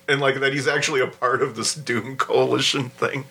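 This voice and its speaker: A man's voice: mid-range voice, normal speed, gravelly, slight background noise. A man co-hosting a podcast, chatting casually and animatedly, often acting out quotes. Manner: animated, jumps into exaggerated quoted voices. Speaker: podcast co-host. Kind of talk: casual chat.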